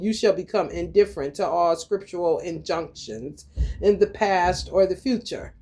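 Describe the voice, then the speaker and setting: A woman's voice: on the low side, unhurried, dark tone. Blunt, profane woman preaching casually. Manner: blunt, profane, streetwise talk; reads scripture aloud then riffs on it. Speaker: spiritual channel host. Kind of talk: casual spiritual monologue.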